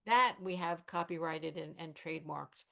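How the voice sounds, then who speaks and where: A woman plays a dry, hesitant older activist with a low, gravelly voice. She weighs each idea with mild skepticism in a live improv scene, trailing off as she thinks. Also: normal speed, a bit bright. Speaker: improv performer.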